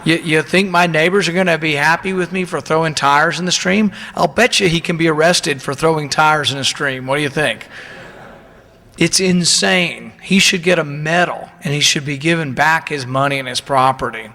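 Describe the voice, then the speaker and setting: A man's voice: fairly high pitch, moderate pace, pushed and bright. Indignant man speaking in a hall. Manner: indignant, emphatic, storytelling. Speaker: politician giving a speech. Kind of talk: public speech.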